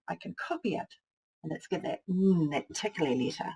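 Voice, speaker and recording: A woman teacher, slowly sounding out words and thinking aloud as she models writing for young children. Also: on the low side, big pitch swings, vocal fry, a bit bright, slightly rough, rough recording. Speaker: primary school teacher.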